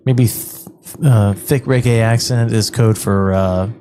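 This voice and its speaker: A man on a podcast in casual chat, trading quick jokes with his co-hosts in a studio. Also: lowish voice, steady tone, dark tone, a little hiss or hum. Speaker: podcast co-host. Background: music playing.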